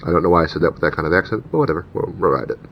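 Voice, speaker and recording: Very low-voiced man for a casual unboxing; reads names and rules aloud, slightly muffled. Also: animated, very fast, creaky. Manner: reads card names and rules text aloud, chatty asides. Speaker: channel host opening card packs. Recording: dull lo-fi recording with faint rumble.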